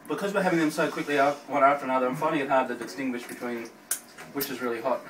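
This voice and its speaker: A man's voice: mid-range voice, fairly even intonation, very fast, fairly bright tone. A man co-hosting a hot sauce tasting, joking and groaning about the heat. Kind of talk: casual joking chat. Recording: echoey room, from far off, faint noise.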